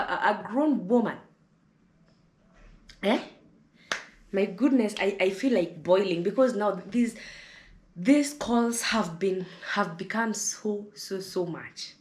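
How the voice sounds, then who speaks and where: A woman's voice: mid-range voice, a little mellow. Fiery Kenyan woman vlogger, echoey room. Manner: fiery, preachy, repeats words when heated. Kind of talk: impassioned monologue to camera.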